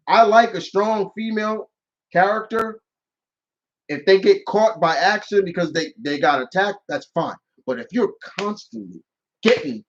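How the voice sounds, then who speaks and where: A streamer hosting a live Q&A, ranting in a casual, rambling way and slipping into acted voices. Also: mid-range voice. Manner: animated, rambling, acts out voices in quotes. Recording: dull lo-fi audio.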